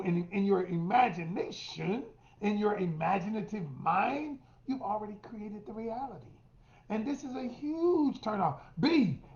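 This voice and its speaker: A man's voice: high voice, dark tone. Middle-aged male relationship coach, emphatic and direct to listeners; roomy, dull lo-fi recording. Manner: emphatic, addresses listeners as y'all, acts out quotes. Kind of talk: coaching monologue to women.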